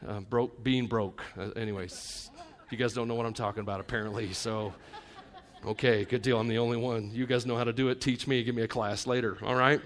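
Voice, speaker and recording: A male pastor preaching to a live congregation, conversational with joking asides, swinging between loud emphatic lines and quiet intimate ones. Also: mid-range voice, fairly even intonation, fairly quick. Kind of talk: sermon.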